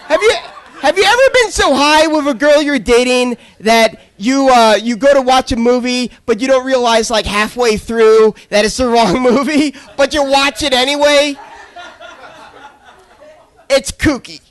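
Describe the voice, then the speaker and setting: A man's voice: very high voice, measured pace, a faint crowd. A young man doing a stand-up comedy set on a club stage, telling awkward self-deprecating stories with crude jokes.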